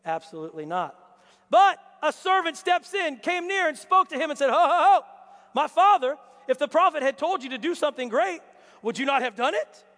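Male pastor, very high voice, animated preacher who acts out scripture characters, long church-hall reverb. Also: a little fast. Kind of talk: lively sermon.

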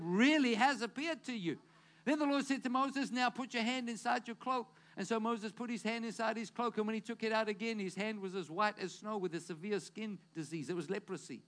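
A man with a strikingly high voice delivers a sermon. He retells scripture as animated storytelling, acting out the dialogue. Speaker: pastor.

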